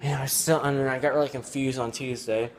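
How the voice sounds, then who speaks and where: A teenage boy telling a personal story at home, rambling and halting with many fillers. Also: medium pitch, steady tone, slight background noise. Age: teens. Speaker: student vlogger. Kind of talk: casual storytelling.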